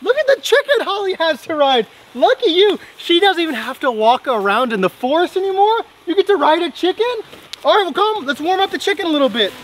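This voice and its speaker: A dad playing make-believe with his kids outdoors on a farm, talking in an animated, playfully dramatic way. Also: extremely high pitch, fairly quick. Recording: noisy outdoor recording.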